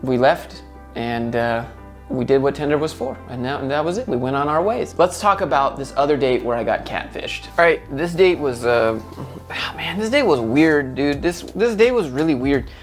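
Dude telling a wild dating story, casual and animated, light music under it. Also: male voice, medium pitch, moderate pace. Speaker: YouTube host.

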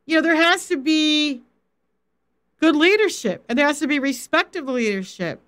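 Speaking at a moderate pace in a high, fairly bright voice, a middle-aged faith coach teaches the Bible on a livestream. She is direct and firm, talking straight to those in the chat.

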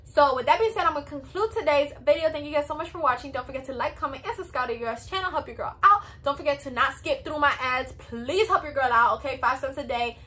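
A woman's voice: sits high, pushed and bright. A woman in her twenties with a Hispanic American accent, giving work advice in a chatty, peppy, repetitive vlog style. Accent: Hispanic American English.

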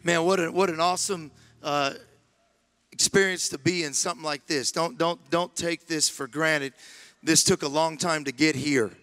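A man preaching as a guest pastor in a church, repeating his phrases and building to impassioned shouting. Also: a little high, steady tone, normal speed. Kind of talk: sermon. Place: church sanctuary.

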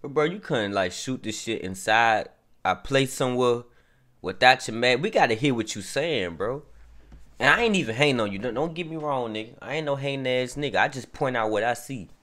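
Lively, rambling reaction-video guy. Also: medium pitch, fairly quick. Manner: rambling, profane, talks straight to viewers. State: just woken up. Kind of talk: casual reaction commentary.

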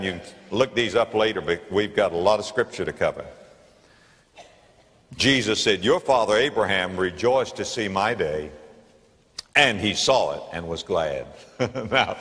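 A man's voice: lowish voice, a bit bright, slightly rough. A man with a Southern American accent, a pastor preaching an emphatic sermon in a church and repeating key phrases for weight. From Florida, United States. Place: church sanctuary. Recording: reverberant church hall.

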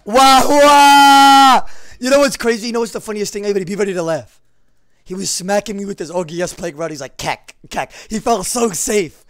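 A man's voice: high voice, fast talker, no room sound, soft background music. A man streaming a game, talking casually with lots of swearing, trash talk and repeated phrases. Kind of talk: casual live gameplay commentary.

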